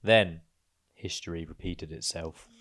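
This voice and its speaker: A man's voice: low-pitched, steady tone, a little slow, fairly bright tone. A man co-hosting a podcast, telling a story with dramatic delivery. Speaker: podcast co-host. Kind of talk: casual chat.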